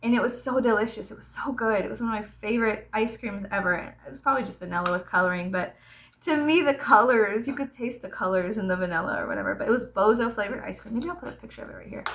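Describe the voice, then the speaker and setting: A woman's voice: medium pitch, quick pace, fairly bright tone. A young woman vlogger telling rambling childhood stories to the camera, swearing freely and laughing as she talks. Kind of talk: casual storytelling to camera.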